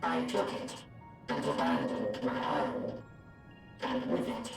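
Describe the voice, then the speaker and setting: A detached male android from a game, his robotic voice very deep and gravelly, rising and falling widely. He speaks slowly and formally. The voice sounds echoey and distant, with loud music underneath. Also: wildly swooping pitch, heavily acted. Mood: calm recounting. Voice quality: processed robotic timbre. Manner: measured, formal, unhurried. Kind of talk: game cutscene voice acting.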